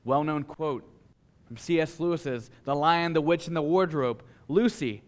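A male pastor preaches with dramatic pauses, moving from a hushed delivery to a forceful one. His voice is a little high.

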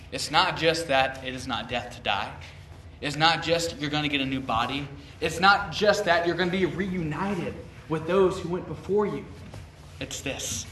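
Male preacher, higher voice, rising to emphatic peaks and dropping to near-whispers, miked from a distance. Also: slight background noise. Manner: swings from loud emphatic bursts to hushed, slow, soft lines. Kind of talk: sermon. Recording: echoey room, voice picked up from a distance.

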